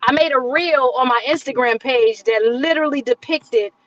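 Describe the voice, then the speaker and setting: A woman guest shares her experience in a measured, earnest way. Her voice sits fairly high. The sound is dull and muffled, like a lo-fi recording. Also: a bit bright, a little hiss or hum. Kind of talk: reflective personal account. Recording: dull lo-fi audio.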